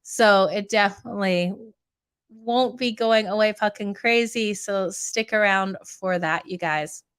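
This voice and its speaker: Raspy-voiced woman hosting betting picks. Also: mid-range voice, measured pace, a bit bright. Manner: chatty, addresses viewers as "you guys". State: raspy, strained voice. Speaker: sports betting podcast host. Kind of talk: casual betting picks rundown.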